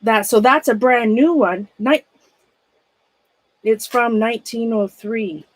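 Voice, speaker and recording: Chatty middle-aged woman, a touch high. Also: slow pace, poor audio. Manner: chatty, rambling, greets viewers by name. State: nervous and shaky. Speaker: livestreamer. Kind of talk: casual livestream chat while sorting a closet.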